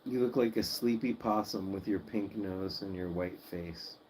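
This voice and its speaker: Sleepy livestream host, unhurried, softly cooing to his pets, faint hiss behind. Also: on the low side, poor audio. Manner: soft-spoken, cooing to his guinea pigs. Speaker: pet channel host. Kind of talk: late-night livestream chat. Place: home at night, indoors.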